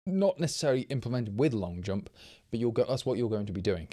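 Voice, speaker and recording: A man's voice: medium pitch, sing-song, fast talker, warm tone, no echo, clean studio sound. A man, a little tipsy from drinking, thinking aloud and correcting himself as he talks through live coding. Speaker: programmer streaming live.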